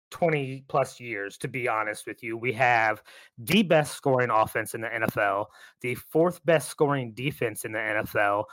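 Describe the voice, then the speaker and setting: A man co-hosting a sports podcast, making his points in a measured, reasoning way. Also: mid-range voice, a bit bright, no room sound. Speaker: podcast co-host.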